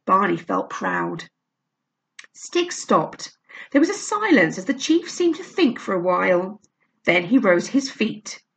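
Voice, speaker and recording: A woman reading a children's novel aloud, with a lively, expressive delivery. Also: medium pitch, measured pace, gravelly. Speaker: storyteller.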